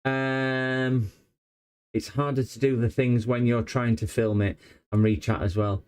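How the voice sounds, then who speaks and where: A man's voice: medium pitch, flat delivery, measured pace, a little mellow, clear, resonant tone. A man chatting casually on a repair livestream, rambling and hesitant with many fillers. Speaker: electronics repair streamer.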